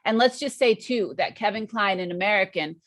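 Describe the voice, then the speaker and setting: A woman co-hosts a casual English lesson, retelling film scenes one after another. Her voice sits at a middle pitch. She talks in an easy, chatty way. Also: fairly quick, a bit bright. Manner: chatty, recounts scenes step by step. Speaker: guest co-host, English teacher.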